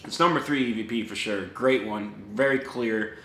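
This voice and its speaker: Young guy rambling about his ghost recordings, bright slightly low voice, echoey room, faint hiss. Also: normal speed. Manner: relaxed, rambling with many fillers. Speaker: paranormal investigator presenting recordings. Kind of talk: casual talk to camera. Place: home room with a dog nearby.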